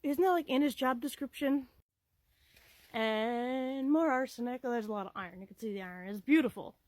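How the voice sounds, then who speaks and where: A woman's voice: on the high side, brisk, darkish tone, no room sound, low-quality recording. A woman vlogging outdoors in the woods by an old mine entrance. She talks in a chatty, playful way and swears casually. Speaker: vlogger exploring old mines. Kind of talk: casual walking vlog.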